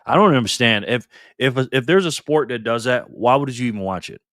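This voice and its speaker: A man's voice: mid-range voice, expressive, fairly quick, fairly bright tone, dry recording, clean studio sound. A man hosting a casual live stream, upbeat and chatty as he reads out viewer names and thanks them one by one.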